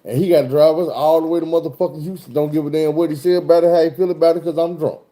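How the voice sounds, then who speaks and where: A man's voice: a little high, steady tone, very fast, dark tone, voice pushed up, close to an everyday voice. A man voicing a drunk, rowdy woman passenger who brashly refuses to drive. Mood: defiant. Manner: brash and defiant.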